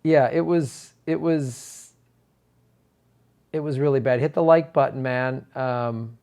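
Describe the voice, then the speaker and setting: A man's voice: medium pitch, slow, vocal fry, darkish tone. A man who is a comedian, giving casual political commentary in a profane, exasperated rant full of stammered restarts.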